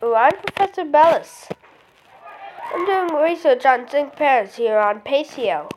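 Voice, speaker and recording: A woman's voice: sits high, lively intonation, a little slow, a little hiss or hum. A woman voicing a cheerful woman professor, reading game text aloud playfully. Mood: chatty.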